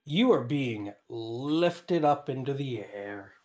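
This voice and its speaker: Slow-talking English game master. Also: male voice, mid-range voice, expressive, darkish tone. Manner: unhurried, loose narration with many fillers. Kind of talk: narrating a tabletop game.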